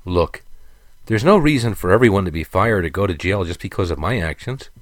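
A man's voice: low voice, lively intonation, a little fast, no room sound, clean studio sound. A man voicing a young guard who speaks earnestly and with resolve. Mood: resolute.

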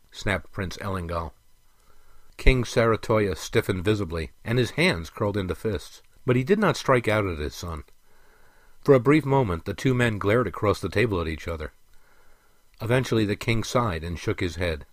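A man narrating a fantasy audiobook in a steady, even storytelling manner. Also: fairly low pitch, moderate pace, no room sound.

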